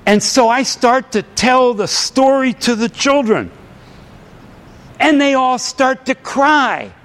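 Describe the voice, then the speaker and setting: High-voiced male preacher, fervent sermon delivery, big reverberant church sound. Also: takes it slowly. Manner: animated storyteller, rising to fervent exhortation. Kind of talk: sermon with storytelling. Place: church sanctuary. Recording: long hall reverb.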